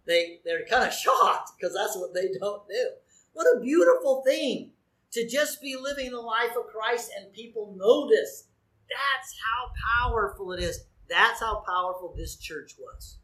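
Male pastor, animated sermon, echoey sanctuary sound. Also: high-pitched. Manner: animated preaching with rhetorical questions to the congregation. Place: church sanctuary. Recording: echoey church room.

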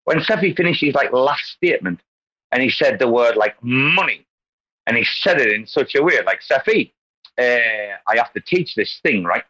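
A man's voice: mid-range voice, lively intonation, moderate pace, pushed and bright, highs cut off. A man hosting an online community call, talking casually and animatedly as he wanders into tangents and lectures about word stress. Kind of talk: casual group call chat.

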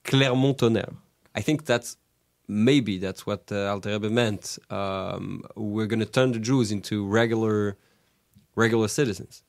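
Speaking as a guest in a conversational interview, this man has a somewhat low, gravelly voice and an unhurried, steady tone. He often stops and restarts as he hunts for words. The recording is dry and close, with no room sound.

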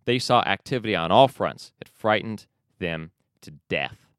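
A man's voice: lowish voice, normal speed, a bit bright, clear, resonant tone, no room sound, clean studio sound. A man hosting a news commentary podcast, reading book passages aloud with his own asides. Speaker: podcast host.

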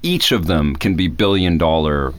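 A man's voice: extremely low pitch, animated, normal speed. A man in his thirties co-hosting a casual chat, enthusiastic and rambling with frequent restarts. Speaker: podcast co-host.

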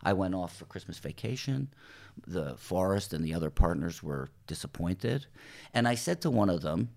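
A middle-aged man from New Jersey, a TV showrunner, telling animated stories in a podcast interview and acting out what people said. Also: sits low, normal speed, vocal fry. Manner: animated anecdotes, acts out quoted voices, swears casually. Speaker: TV writer and showrunner, podcast guest. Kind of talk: casual storytelling interview.

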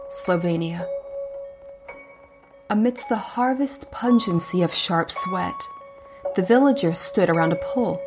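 Woman telling a folk horror tale. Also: mid-range voice. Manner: dramatic, slipping into hushed whispers. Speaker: storyteller. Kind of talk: scripted horror narration. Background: music.

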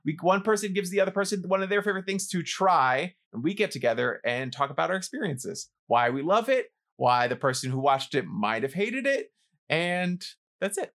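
A man co-hosting a podcast, relaxed and teasing, quick to laugh. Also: sits high. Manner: laid-back, teasing, laughs easily. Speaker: podcast co-host. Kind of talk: casual chat.

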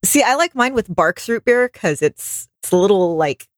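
A woman's voice: mid-range voice, animated, moderate pace, no echo, studio quality. A woman co-hosting a podcast, frank and enthusiastic in casual chat. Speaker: podcast co-host.

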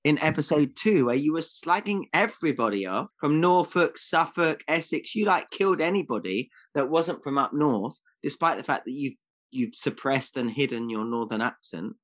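A man's voice: on the high side, lively intonation, normal speed, fairly bright tone. A man co-hosting a comedy podcast, answering with defensive, sarcastic jokes. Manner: defensive, sarcastic jokey replies. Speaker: podcast co-host.

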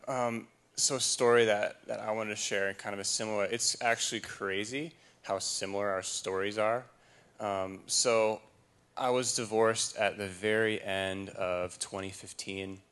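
Low-voiced man sharing a faith story. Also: fairly bright tone. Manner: casual, conversational, affirming. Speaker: podcast co-host. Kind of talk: candid faith testimony chat.

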